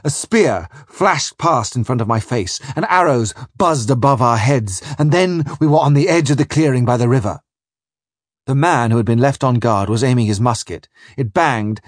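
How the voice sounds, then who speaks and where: Husky man narrating an adventure tale. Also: medium pitch, no echo, clean studio sound. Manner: vivid, dramatic storytelling. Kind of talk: first-person audiobook reading.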